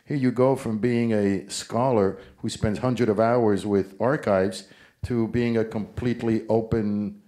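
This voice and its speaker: A man's voice: lowish voice, steady tone, a little slow, warm tone. A man interviewing a guest on stage, asking long, conversational questions. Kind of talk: live onstage interview.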